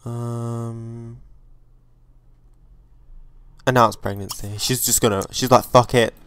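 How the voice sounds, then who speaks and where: A man hosting a let's play, giving chatty, excitable gameplay commentary and swearing freely. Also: medium pitch, unhurried, clean tone.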